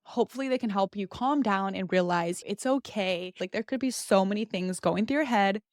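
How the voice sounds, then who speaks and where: A woman's voice: medium pitch, moderate pace, no echo, studio quality. A young woman hosting a podcast, talking in a candid, chatty monologue full of "like". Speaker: podcast host.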